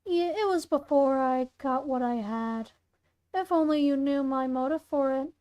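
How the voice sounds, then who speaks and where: A woman's voice: high-pitched, a little slow, mellow. Claire, a woman doing a murderous monster girl. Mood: menacing. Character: murderous young monster girl, lonely outcast. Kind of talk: reading a fan story aloud, doing voices.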